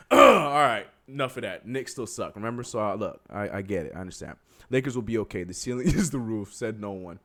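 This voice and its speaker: A man's voice: medium pitch, a bit bright. A man co-hosting a live sports talk stream, chatting casually and breaking into laughter often. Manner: giggly, keeps breaking into laughter and apologizing. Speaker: podcast co-host.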